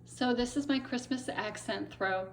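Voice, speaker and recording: Still getting over laryngitis and a lingering cough, this woman chats through a casual vlog showing her crochet and craft finishes, saying um often. Her pitch is fairly high and her pace measured, with a slight hiss or hum on the recording.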